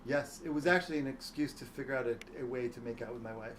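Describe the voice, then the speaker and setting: Deadpan man in his forties, absurd jokes, mid pitch, noisy festival recording. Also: fast talker. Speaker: interviewee, filmmaker. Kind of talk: joking interview banter.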